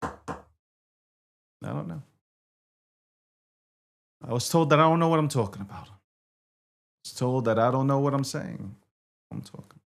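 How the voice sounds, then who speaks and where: A man hosting his own show, talking casually in a loud, rambling, profane way with frequent restarts. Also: mid-range voice, a little slow, vocal fry, pauses often. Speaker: host. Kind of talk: casual livestream talk.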